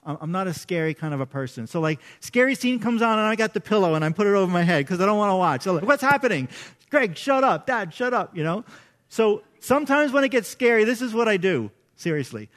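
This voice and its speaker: In a high-pitched voice, a middle-aged pastor preaches in a conversational way, weaving in relaxed stories and jokes at his own expense.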